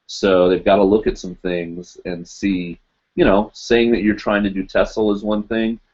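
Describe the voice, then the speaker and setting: Low-voiced man rambling on a live stream. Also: level tone, normal speed, darkish tone, lo-fi sound. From United States. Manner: rambling, with many fillers. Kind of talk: casual live-stream chat.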